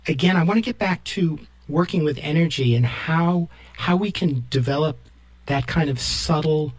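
A man's voice: fairly high pitch, rough recording. Reflective male interviewer. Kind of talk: radio interview.

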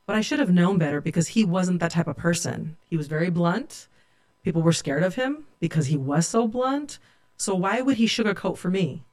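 A woman's voice: fairly low pitch, expressive, moderate pace, darkish tone. A middle-aged woman from California, a sociology professor, telling her own story in a reflective, candid way. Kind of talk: personal storytelling.

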